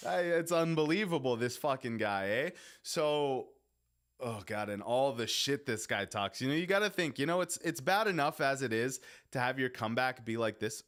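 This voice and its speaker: Young guy streamer rambling to chat, swears a lot, keeps cutting himself off, middle pitched voice. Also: expressive, moderate pace, a bit bright. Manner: rambling, swearing, self-interrupting. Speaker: live streamer. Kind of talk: casual live-stream commentary.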